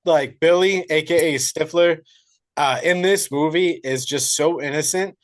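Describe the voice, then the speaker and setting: A man's voice: on the high side, measured pace. A man co-hosting a podcast, chiming in with jokey asides in casual chat. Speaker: podcast co-host.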